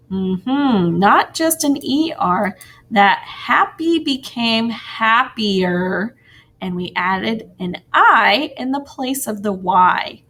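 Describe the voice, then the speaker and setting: A woman teacher giving a recorded grammar lesson to young children, slow and sing-song, with soft encouraging asides. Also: on the high side.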